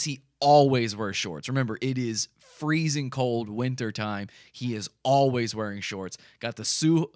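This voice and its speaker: Sarcastic podcast host with bright voice. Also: male voice, fairly high pitch, no echo, studio quality. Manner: sarcastic, laughing, describes video for listeners. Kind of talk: mocking commentary.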